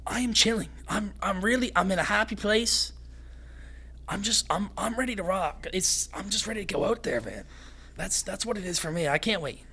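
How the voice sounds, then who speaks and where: A young man from Canada, a fighter guest on a podcast, talking fast and excitedly and swearing freely. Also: sits high, breathy edge. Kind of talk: casual podcast conversation.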